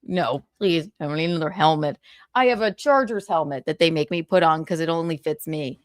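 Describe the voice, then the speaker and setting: A woman hosting a casual livestream, reading viewer comments out loud in a brash, profane, giggly way. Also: sits low, brisk, no room sound, clean studio sound. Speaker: livestream host.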